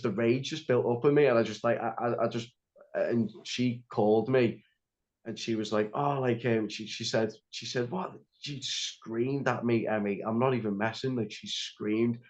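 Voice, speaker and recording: A young man telling a story as a podcast guest, rambling with lots of "like" and restarts. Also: medium pitch. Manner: rambling, heavy use of "like" and restarts. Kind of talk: casual storytelling interview. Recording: slightly dull lo-fi audio.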